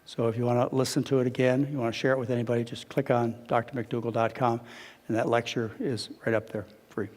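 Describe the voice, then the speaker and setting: A man giving a live lecture as a physician, telling stories with animated quotes and asides to the audience. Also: mid-range voice, quick pace. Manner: animated storytelling, quotes others with raised voice. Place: lecture hall. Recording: long reverb of a lecture hall.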